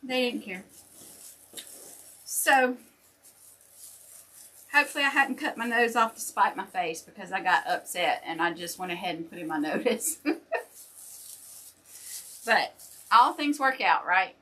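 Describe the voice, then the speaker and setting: A woman's voice: a little high, lively intonation, measured pace, long pauses, pushed and bright. An older woman chatting folksily with viewers while making wreaths on a livestream. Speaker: wreath maker and shop host. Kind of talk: casual livestream chat while crafting.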